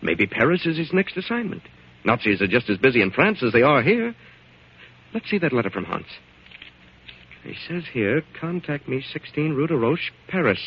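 Evasive smooth talker, husky lively voice, old radio play, dull sound. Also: male voice, medium pitch, normal speed. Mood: soothing. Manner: soothing but evasive, with nervous stammers. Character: evasive smooth-talking man hiding a secret. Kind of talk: 1940s radio acting.

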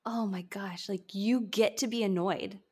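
A woman's voice: mid-range voice, fairly even intonation, a little slow, a little mellow, slightly rough. A woman in her thirties hosting a podcast, talking casually with lots of restarts, fillers and laughter. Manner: chatty, laughs often, many restarts and fillers. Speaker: podcast host.

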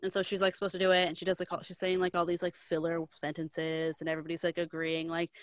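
Young woman, co-host type, low-ish voice, dry close sound, loose chatty storyteller who leans on "like". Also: little pitch movement, fast, hardly any pauses, no echo. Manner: rambling, heavy use of "like", loose slangy asides. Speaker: podcast co-host recapping a book. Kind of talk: casual storytelling chat.

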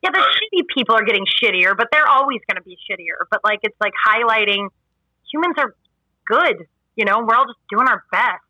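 A woman talks in loose, emotional bursts, full of restarts. Her voice is very bright and tense, a bit higher than most. The sound is dry and close. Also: animated, brisk, no room sound, muffled recording. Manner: emotional, rambling, many restarts. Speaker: podcast host, guest. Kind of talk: casual chat.

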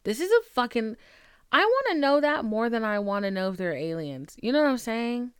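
A woman's voice: fairly high pitch, sing-song, normal speed, smooth, no echo, clean studio sound. Frank, self-mocking young woman podcaster. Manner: frank, self-mocking, profane, with lots of "like" fillers. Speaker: podcast host. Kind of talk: candid solo podcast monologue.

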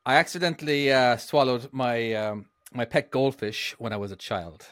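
A man's voice: medium pitch, normal speed, a bit bright, no room sound, studio quality. A man co-hosting a casual podcast, telling a story in a rambling, hesitant way with many restarts. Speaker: podcast co-host.

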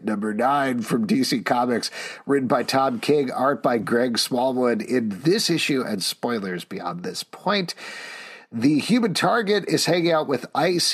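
A man hosting a comic book podcast, introducing each issue and its credits in a brisk, matter-of-fact way. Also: medium pitch, slightly rough. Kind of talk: casual comic book review.

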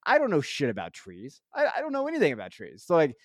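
A man's voice: on the high side, wildly swooping pitch, quick pace, no echo, studio quality. A man in his thirties co-hosting a podcast, venting in a weary, stressed way with lots of filler words. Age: 30s. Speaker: podcast co-host. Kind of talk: casual chat.

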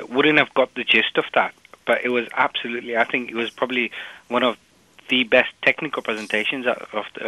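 A man speaking as a guest on a web radio talk show, relaxed and thoughtful as he explains at length. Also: medium pitch, dry recording, rough recording. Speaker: guest expert. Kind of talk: casual interview chat.

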